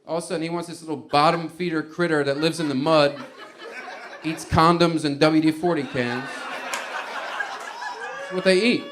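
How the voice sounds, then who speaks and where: A male comedian on stage, telling a story in loose, conversational stand-up style. His voice sits a bit high for a man, and he keeps the story moving with animated asides. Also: normal speed, pauses often, crowd noise, background noise.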